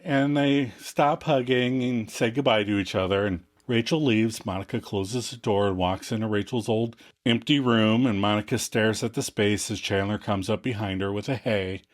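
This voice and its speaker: A man's voice: lowish voice, moderate pace, hardly any pauses. A man co-hosting a podcast, narrating the scene and acting out the quotes in casual recap chat. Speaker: podcast co-host.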